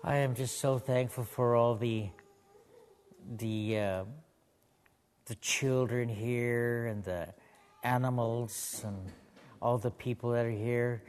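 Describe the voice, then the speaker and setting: A man from the Pacific Northwest telling stories and spiritual teachings to a gathering in a gentle, humorous way. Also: mid-range voice, fairly even intonation, slow, long pauses, clean tone, in a large hall. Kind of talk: live storytelling to a gathering.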